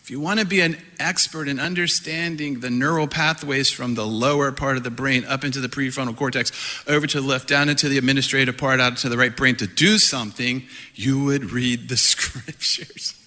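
Middle-aged man, preacher, playful sermon, very bright voice, reverb from a hall. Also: mid-range voice, brisk. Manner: animated, playful, laughs often.

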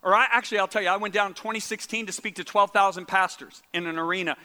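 High, bright-voiced man preaching. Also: quick pace, in a large hall. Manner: animated, repeats words, drops to hushed tones for quotes. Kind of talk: sermon storytelling.

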